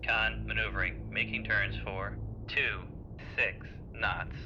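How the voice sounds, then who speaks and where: A man's voice: on the low side, steady tone, takes it slowly, lo-fi sound. A man voicing a male submarine crewman in a game, giving clipped, formulaic helm and sonar callouts. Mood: terse. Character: male submarine crew voice calling out helm orders. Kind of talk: game voice lines. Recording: game audio under music.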